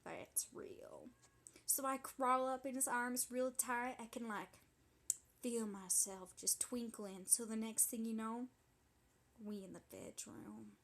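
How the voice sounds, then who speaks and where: A woman's voice: on the high side, steady tone, slow, fairly bright tone. Woman playing sassy gossiping young woman. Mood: dramatic gossip. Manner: breathless, indignant, gossipy storytelling. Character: sassy dramatic young woman telling a wild story. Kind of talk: comedic character monologue.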